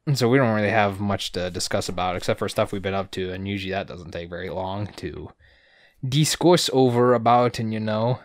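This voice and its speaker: A man's voice: lowish voice, fairly quick, no echo. A man co-hosting a casual podcast, talking in a laid-back, rambling way and laughing easily. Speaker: podcast co-host. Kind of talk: casual chat.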